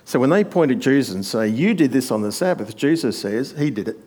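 Male preacher, mid-range voice, methodical teaching sermon with soft asides. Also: mid-range voice, lively intonation, brisk. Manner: explanatory, numbered points, often drops to a quiet aside.

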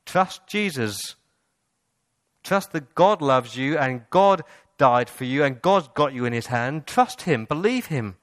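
A man's voice: a little high, animated, slow, no echo, studio quality. A man preaching a sermon in a church, asking rhetorical questions and building to emphatic passages. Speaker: pastor. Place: church hall.

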